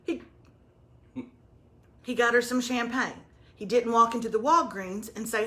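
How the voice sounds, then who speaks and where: A woman, co-hosting a live morning show in loud, playful, teasing casual chat. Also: a little high, a little slow, pauses often. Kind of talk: casual live chat, reading a viewer's message.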